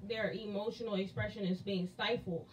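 A woman's voice: mid-range voice, steady tone, moderate pace, far from the mic, background noise. A woman co-hosting a podcast, chatting casually with many "like" fillers and easy laughs. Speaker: podcast co-host. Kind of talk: casual chat.

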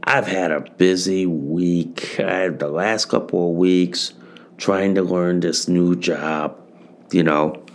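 Slow, gravelly-voiced man hosting a podcast. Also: deep voice, fairly even intonation. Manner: repeats phrases, swears often, addresses listeners as guys. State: tired. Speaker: podcast host. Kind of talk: solo podcast monologue.

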